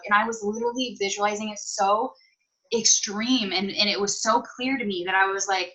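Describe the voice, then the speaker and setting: A woman's voice: medium pitch, steady tone, a little fast, bright, forceful tone, highs cut off. A young woman telling a candid personal story in a casual, emotional way, full of fillers and restarts. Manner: casual and emotional, many fillers and self-corrections. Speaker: guest.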